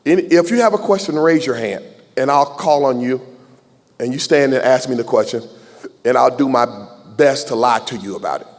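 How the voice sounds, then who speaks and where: Speaking at normal speed with lively intonation and a mid-range voice, a Southern US keynote speaker in his sixties gives a heartfelt, folksy gala address. He kids around with the crowd and takes their questions, all echoing through a ballroom PA with long hall reverb in a large banquet hall.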